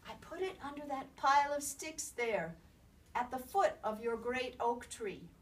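A woman's voice: high voice, animated, a little slow. A woman voicing a sly little male leprechaun who grumbles and shrieks when upset, in a told storybook tale. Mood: grumbling. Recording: distant mic, faint background noise.

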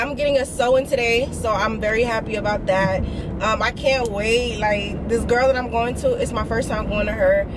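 A young woman, chatting to her vlog camera in a bright, raised voice. She is excitable and loose, full of fillers. Passing cars and steady noise run clearly behind her. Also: fairly high pitch. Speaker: vlogger. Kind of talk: casual vlog chat to camera.

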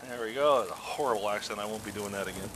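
A man's voice: lowish voice, racing, a bit bright, slight background noise. A middle-aged man hosting a casual grilling demo outdoors, chatty and self-mocking as he cooks. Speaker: grilling show host.

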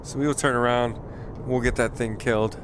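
A man's voice: mid-range voice, steady tone, fairly quick, noisy background. A man streaming a flight game, chatting casually and poking fun at his own flying while talking to viewers. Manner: chatty, self-deprecating, talks to viewers. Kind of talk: casual live gameplay commentary.

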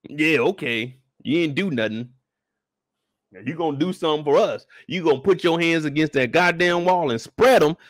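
A man's voice: a little high, normal speed, dry recording, clean studio sound, natural voice. A man playing a curt, menacing cop. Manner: curt, threatening. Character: stern hostile male police officer.

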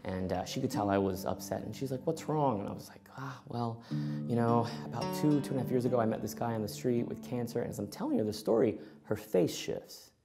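A man's voice: mid-range voice, fast talker, gravelly, few pauses, over music. A middle-aged man telling a personal story, acting out both sides of the conversations as he goes. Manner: animated, acts out both sides of dialogue.

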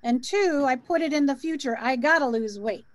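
Middle-aged woman, encouraging co-host, high voice, dry close sound. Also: moderate pace, no room sound. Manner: encouraging, coaching tone. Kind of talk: casual spiritual chat.

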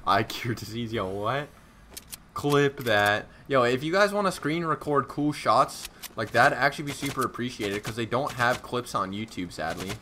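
A man's voice: mid-range voice, normal speed, slight background noise. A young man streaming a shooter game live, chatting casually with viewers, joking at himself and getting worked up at tense moments. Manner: casual, excitable, self-mocking, slangy. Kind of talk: live gameplay commentary.

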